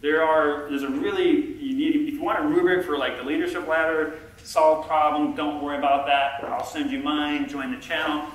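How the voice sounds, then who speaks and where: A middle-aged man giving a conference talk from a stage, a self-confessed low talker who is chatty and self-deprecating and talks back and forth with the audience. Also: steady tone, normal speed, hardly any pauses, slight background noise. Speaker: conference speaker. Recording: echoey hall, heard from far off.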